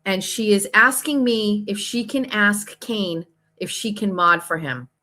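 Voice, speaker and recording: A woman's voice: medium pitch, measured pace, pushed and bright. A woman hosting her own show, casually recounting an online feud and reading out messages in a gossipy, exasperated way with some swearing. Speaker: host.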